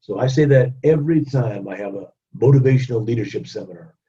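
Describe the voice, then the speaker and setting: A man giving a keynote motivational leadership webinar talk, energetic, running through repeated lists and acting out what people say. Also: mid-range voice, fast. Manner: energetic, repetitive lists, acts out quotes. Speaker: keynote speaker. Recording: dull lo-fi webinar audio.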